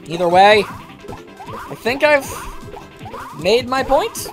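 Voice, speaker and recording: Woman ranting over her let's play, high voice, all over the place, full of asides. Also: extremely slow, soft background music. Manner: ranting, animated, filled with asides. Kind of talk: gameplay commentary rant.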